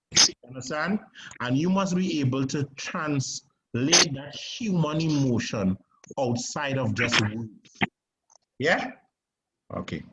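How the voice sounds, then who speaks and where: A man teaching a stage acting class, coaching his students and checking in with "right?" as he explains. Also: mid-range voice. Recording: muffled classroom recording with background noise.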